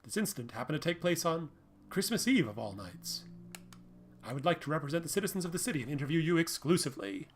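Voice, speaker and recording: A man's voice: fairly high pitch, lively intonation, quick pace, a little hiss or hum, lightly acted. A man reading as a smug, pushy TV reporter. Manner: pushy, self-important. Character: smug male TV news reporter.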